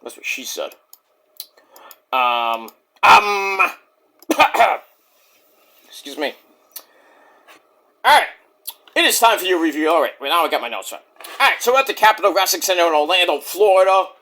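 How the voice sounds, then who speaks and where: A man's voice: sits high, very animated, normal speed, long pauses, pushed and bright, slight background noise. A man casually reviewing a wrestling show in a rambling, jokey, profane way.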